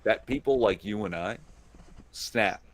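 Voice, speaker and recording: A man's voice: fairly low pitch, measured pace, slight background noise. A man hosting a casual talk show, blunt and crude, teasing his guest. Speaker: host. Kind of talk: casual chat.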